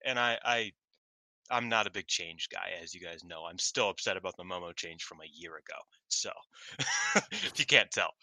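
A podcast co-host with a low yet bright voice chats casually at a normal speed while reviewing wrestling shows, on a dry recording. He is an animated storyteller who acts out quotes and laughs often.

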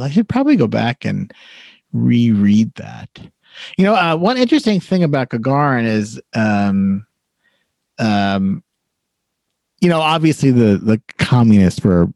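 Man, podcast co-host, casual chat, rambling, mid-pitched, dry sound. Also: gravelly, a little mellow, dry recording. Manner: chatty, rambling, frequent fillers and restarts.

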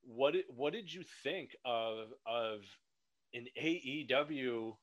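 A man interviewing a guest in a casual, halting conversational way. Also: medium pitch, fairly bright tone, highs cut off.

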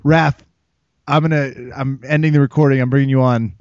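A man's voice: medium pitch, fairly even intonation, brisk, clear, resonant tone, no echo. A man hosting a podcast, announcing in a mock-serious news voice and bantering. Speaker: podcast host. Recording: dull dry lo-fi podcast audio.

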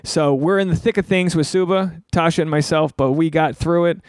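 A man's voice: a little high, steady tone, brisk, no echo. A man hosting a podcast, chatting casually and joking at his own expense. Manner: joking, self-deprecating. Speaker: podcast host. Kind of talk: casual chat.

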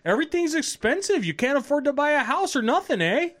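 A man voicing an angry, foul-mouthed Canadian heckler who shouts insults and ends lines with a drawn-out "eh". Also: extremely high pitch, sing-song, voice pushed up, exaggerated voice. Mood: angry heckling.

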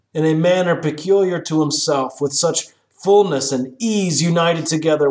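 A man reading an old sermon aloud in a solemn, measured oratorical manner, building up through rhetorical questions. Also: fairly high pitch. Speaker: sermon reader. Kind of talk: read-aloud historical sermon.

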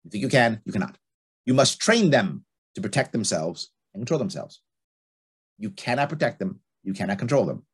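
Blunt, fast-talking husky man. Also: fairly low pitch, sing-song. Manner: blunt, emphatic, repeats points. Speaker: guest. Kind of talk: opinionated advice in conversation.

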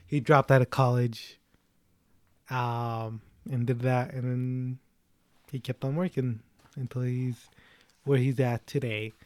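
A man's voice: mid-range voice, level tone, slow pace, long pauses, a little mellow, no room sound. Chatty young man, dry sound. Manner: rambling, chatty storytelling with many fillers. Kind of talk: casual chat.

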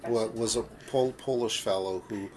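Lower-voiced man, hesitant storyteller. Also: steady tone, darkish tone. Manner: halting, many fillers and restarts. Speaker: pianist, part of a duo. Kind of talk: casual storytelling interview.

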